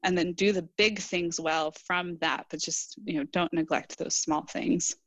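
A young woman engineer speaks as a podcast guest in a somewhat low voice. She answers earnestly and thoughtfully, acting out bits of past conversations. The sound is close and dry. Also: fairly even intonation, measured pace, a bit bright, no room sound, dull audio. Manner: earnest, reflective, quotes herself in dialogue. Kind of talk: casual interview answers.

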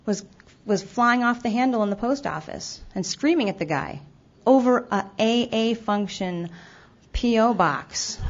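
A woman's voice: fairly high pitch, measured pace. A woman giving a candid, self-deprecating recovery talk, stumbling over restarts now and then. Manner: acts out her own past remarks. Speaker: speaker sharing her recovery story. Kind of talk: personal testimony talk. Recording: dull lo-fi event recording.

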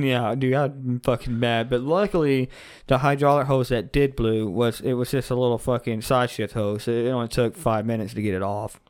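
A man who works as a forklift mechanic, telling work stories in a casual, profane, animated way and calling the other speaker "dude". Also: mid-range voice, moderate pace, smooth. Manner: animated storyteller, heavy swearing, says "dude" often.

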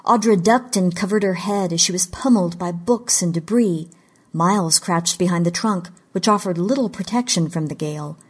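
A woman narrating a fantasy short story in a measured, deliberate storytelling delivery. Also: fairly low pitch, slightly rough. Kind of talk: scripted audiobook narration of fiction.

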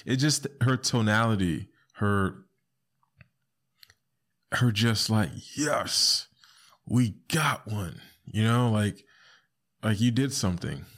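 A man hosting a podcast alone, talking casually and animatedly, often jumping into high squeaky voices to quote people. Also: takes it slowly, long pauses. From South Florida. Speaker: podcast host. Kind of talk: casual solo podcast commentary.

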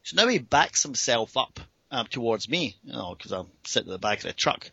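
A Scottish man in his fifties spins a comic anecdote, laughing along as he tells it. His husky, bright voice swings widely in pitch. The sound is dry and a little dull. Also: fairly quick, dry recording. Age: 50s. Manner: animated, laughs through his story. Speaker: guest. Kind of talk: anecdote storytelling.

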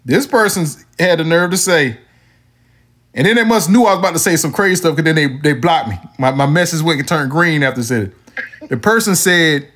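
A man's voice: fairly high pitch, expressive, fairly quick, a bit bright. A man hosting a podcast, casually telling a story and acting out the texts he quotes. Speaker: podcast host. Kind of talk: casual chat.

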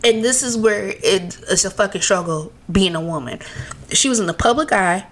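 A woman's voice: medium pitch, normal speed, a little hiss or hum. A woman from the West Coast co-hosting a podcast, telling stories in a candid, profane, laughing way. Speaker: podcast co-host. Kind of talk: casual chat.

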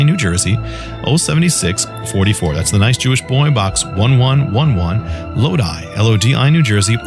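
Low-voiced man preaching a devotional radio spot. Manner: storytelling, then fervent offer pitch. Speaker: radio minister. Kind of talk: short devotional radio message with a call-in offer.

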